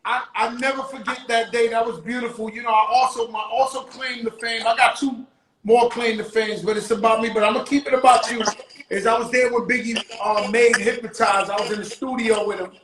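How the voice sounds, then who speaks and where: High-voiced man hosting in an echoey room. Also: steady tone, fairly quick, a bit bright. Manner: emphatic and profane. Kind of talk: casual chat. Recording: roomy echo with crowd noise.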